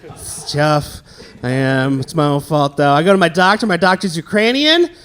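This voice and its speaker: A man's voice: a little high, moderate pace, fairly bright tone. A man in his thirties from the American South doing a self-deprecating stand-up set, chatting with the crowd between jokes. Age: 30s. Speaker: stand-up comedian. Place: comedy venue with live audience. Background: audience laughter.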